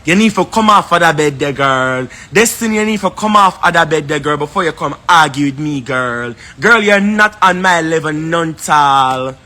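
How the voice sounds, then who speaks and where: A man's voice: fairly high pitch, normal speed, few pauses, sharp tone. A man with a Jamaican accent, ranting on a live stream in a confrontational, repetitive, scornful way. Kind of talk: heated live-stream rant.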